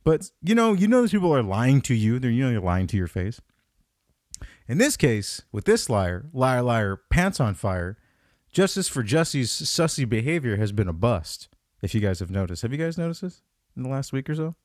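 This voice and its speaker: A man hosting a comedy podcast, talking in a rambling, profane, excitable way. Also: medium pitch, normal speed, no room sound, studio quality. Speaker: podcast host. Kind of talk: casual comedic podcast chat.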